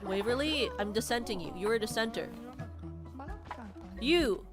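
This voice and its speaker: A young woman streaming a game, commenting excitably with loud yelps and panicked repeats. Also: a little high, unhurried. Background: game music.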